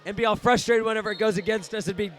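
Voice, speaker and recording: A young man doing live play-by-play for a high school basketball game, often shouting in outrage at the referees. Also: fairly even intonation, racing. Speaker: student play-by-play commentator.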